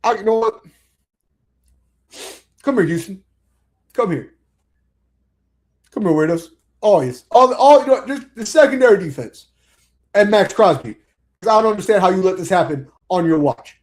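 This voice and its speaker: A man's voice: sits high, lively intonation, normal speed, long pauses. A man co-hosting a casual sports chat, barking orders at players in a mock drill-sergeant manner. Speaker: podcast co-host.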